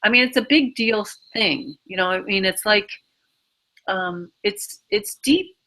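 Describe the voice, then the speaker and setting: A woman with a bright, clear voice talks through emotional advice as an interview guest. She rambles, leans on fillers and slips into acting out her own inner voice. Her pitch sits at an ordinary middle height. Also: expressive, unhurried, poor audio. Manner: rambling, filler-heavy, acts out inner dialogue. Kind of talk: casual advice talk.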